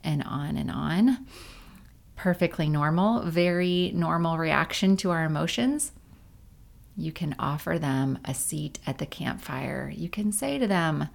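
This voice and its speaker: A woman leading a guided meditation in a gentle, unhurried way, with casual fillers along the way. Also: deep voice, expressive, creaky.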